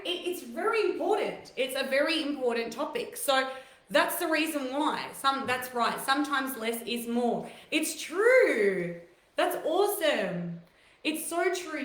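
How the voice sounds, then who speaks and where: A woman hosting a casual talk show, rambling with many fillers. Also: sits high. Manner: rambling, filler-heavy, chatty. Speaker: host. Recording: very echoey room, mic far off.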